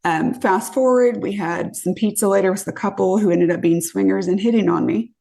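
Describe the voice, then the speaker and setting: Creaky-voiced woman telling a wild date story. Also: mid-range voice, fairly quick, a little hiss or hum. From California. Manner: animated, acts out quotes, swears when reliving it. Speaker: guest storyteller. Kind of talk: casual storytelling.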